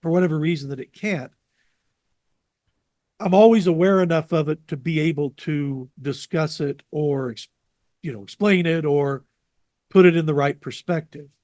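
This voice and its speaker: A man being interviewed over a video call, telling lively anecdotes and acting out the people he quotes. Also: fairly high pitch, moderate pace, pauses often, no echo. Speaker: interview guest, jazz radio producer.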